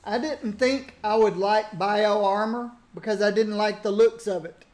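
A man casually reminiscing about old games while he plays, musing aloud in a relaxed way. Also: sits high, unhurried. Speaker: gaming streamer. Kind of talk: casual commentary while playing.

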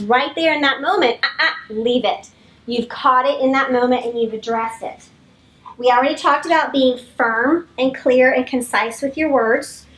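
A woman dog trainer explaining how to introduce a dog to a rabbit in a calm, firm, practical way during a live demonstration. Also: sits high, far from the mic, rough recording. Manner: calm, firm commands to dogs mixed with explanation.

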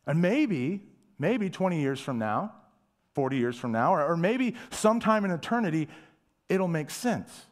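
Male pastor, sermon, emphatic delivery, rhetorical questions, fairly high pitch. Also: big pitch swings, normal speed. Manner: dramatic shifts from loud to hushed, whispering asides.

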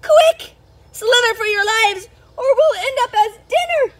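A woman voicing a group of snails in a children's storybook reading, calling out loudly and sharply. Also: very high-pitched, lively intonation, measured pace, pitched above the performer's own voice. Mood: panicked. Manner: loud, sharp storybook crying out. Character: group of bossy snails, quick to scold or panic.

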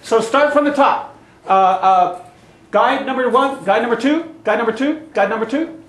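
A woman's voice: on the high side, recorded from a distance. Woman directing a rehearsal in an echoey hall. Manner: brisk, instructive, encouraging. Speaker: play director. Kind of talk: coaching a rehearsal.

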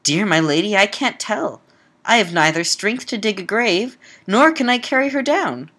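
A woman's voice: medium pitch, animated, normal speed, fairly bright tone. A woman reading the lines of a fearful old male servant in a Gothic tale, with timid, mournful replies.

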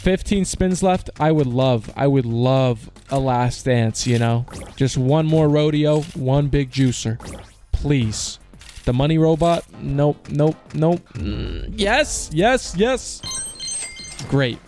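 An excitable young man in his twenties talks casually over a slot game, his slightly high voice leaping all over the place between groans and shouts. A faint music track plays behind him. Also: slow. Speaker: slot streamer. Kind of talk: casual gambling commentary.

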